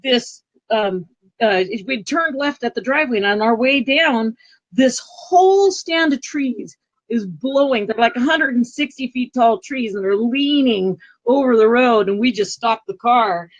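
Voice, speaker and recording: A middle-aged woman with a fairly high voice tells a personal story as a guest, bringing it to life by acting out what people said and now and then breaking into loud bursts. Her voice sounds close and dry, with no room around it. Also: measured pace, no echo, muffled recording. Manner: animated, acts out quoted speech with sudden loud outbursts. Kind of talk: conversational storytelling. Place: travel trailer.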